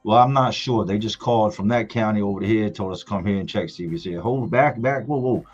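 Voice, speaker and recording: A middle-aged man with a low, husky voice tells a story from his family on a casual live stream. He leans on his words and repeats them for effect. The sound is dull and lo-fi, with faint music underneath. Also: quick pace. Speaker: father telling a family story.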